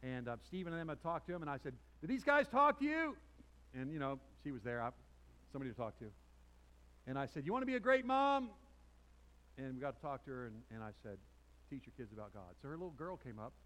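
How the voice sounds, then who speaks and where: Speaking fast in a mid-range voice, this pastor tells his congregation a personal story during a sermon in the church sanctuary, and the recording quality is low. He restarts and adds asides, moving from loud, emphatic highs to quiet, intense moments.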